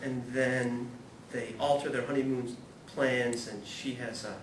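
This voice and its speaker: Animated man speaking in an echoey hall. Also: measured pace. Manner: animated, self-deprecating storyteller, laughs often. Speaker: speaker at a ministry talk series. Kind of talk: humorous spiritual talk with read-aloud passages. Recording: echoey room, distant mic, rumbling noise.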